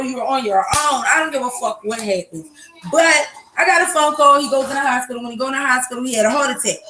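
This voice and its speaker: A young woman telling a loud, brash, profane story in a casual vlog at home. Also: high-pitched. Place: home with children nearby. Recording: echoey room, faint noise.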